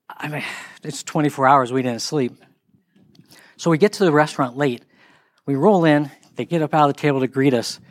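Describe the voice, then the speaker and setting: A middle-aged man telling a casual story, acting out the people he quotes. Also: no echo. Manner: animated, acts out quoted voices in higher pitch.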